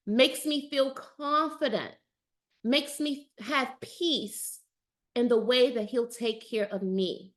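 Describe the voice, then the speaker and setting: A woman dating coach hosts a casual live stream, reading viewer comments aloud and answering them with emphatic enthusiasm, often repeating phrases for emphasis. Her voice is on the high side, and she takes things slowly.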